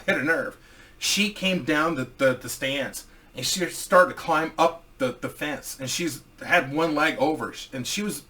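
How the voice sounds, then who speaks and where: A man's voice: mid-range voice, pushed and bright, far from the mic. A man telling crude, boisterous stories in a casual way and laughing at his own jokes. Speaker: host. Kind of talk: casual storytelling.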